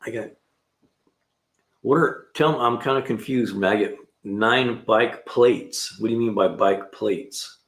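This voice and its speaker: A talkative man with a low, gravelly voice rambles through stories for his live stream viewers. He uses plenty of slang and drifts from one story to the next. His voice bounces around a roomy garage. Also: moderate pace, long pauses. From California. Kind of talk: casual chat, telling stories and answering chat. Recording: roomy echo.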